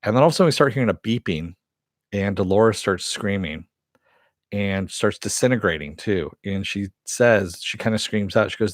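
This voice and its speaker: A man's voice: lowish voice, animated, normal speed, no echo, clean studio sound. A man casually recapping a TV episode, retelling the scenes in a loose, rambling way and swearing freely. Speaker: TV show reviewer.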